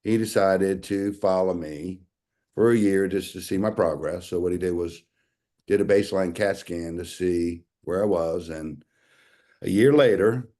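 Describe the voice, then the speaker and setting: A man's voice: sits low, measured pace, mellow. A man, earnestly telling his own story to an audience and calling them y'all. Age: 60s. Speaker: speaker sharing a health testimonial. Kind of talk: personal testimony to an audience.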